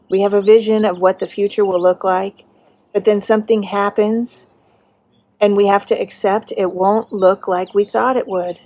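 A middle-aged woman pastor preaching a sermon, earnest and measured, slowing down for emphasis. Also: medium pitch, a little mellow, dry recording.

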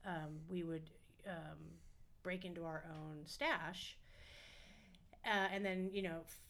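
A woman's voice: low-pitched, steady tone, takes it slowly, gravelly. A middle-aged woman, a podcast guest, telling stories in a candid, profane, rambling way with lots of fillers. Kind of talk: casual storytelling.

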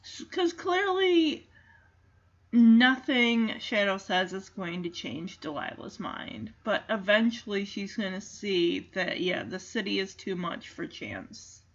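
A woman's voice: mid-range voice, lively intonation, slow pace, muffled recording. A woman giving a casual, chatty movie recap, reacting as she goes and leaning on "like" a lot. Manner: chatty, reactive, heavy use of "like".

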